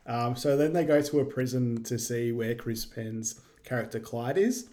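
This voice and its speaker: Male podcast co-host, mid-pitched voice, relaxed recap full of ums. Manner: relaxed, many "um" pauses while retelling. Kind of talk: casual movie recap chat.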